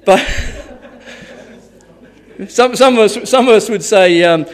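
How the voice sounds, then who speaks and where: A man preaching a sermon as pastor, telling Bible stories in a lively way and laughing at his own tales. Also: sits high, measured pace, long pauses.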